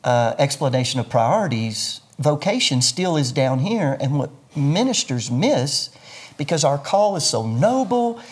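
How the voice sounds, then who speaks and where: A man's voice: fairly high pitch, big pitch swings, a little slow, husky. An older man, a pastor, explaining his views earnestly in a sermon-like way during an interview. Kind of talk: interview conversation.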